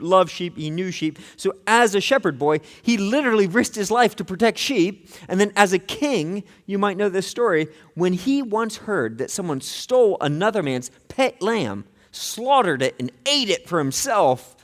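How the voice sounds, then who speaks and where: In a church sanctuary, a male pastor preaches an earnest sermon, shifting between hushed and intense delivery and often repeating words as he begins a phrase. His voice is high-pitched and carries a big-room sound.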